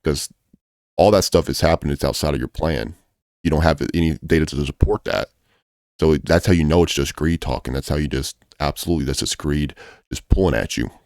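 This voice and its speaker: A man's voice: rumbling low, brisk, vocal fry, darkish tone, dry recording, clean studio sound. A man coaching traders in a casual video, blunt and profane, hammering his points home by repeating them. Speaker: trading coach. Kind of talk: casual trading advice video.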